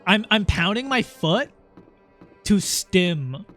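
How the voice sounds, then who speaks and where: A man's voice: high voice, animated, slow, a bit bright, faint music behind. A young man streaming a game in casual chat, rambling, swearing and reading game lines aloud.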